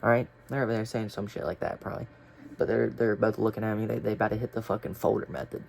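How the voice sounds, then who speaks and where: A man's voice: medium pitch, little pitch movement, fast talker, vocal fry, darkish tone. Rambling, profane young man with faint hiss. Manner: rambling, profane, filler-heavy. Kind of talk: casual storytelling vlog.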